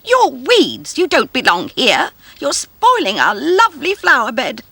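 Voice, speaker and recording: A woman voicing a chorus of proud, haughty female lilies, speaking in a shrill, snooty and scornful way. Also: huge pitch swings, unhurried, vocal fry, sharp tone, husky, dry recording, exaggerated voice.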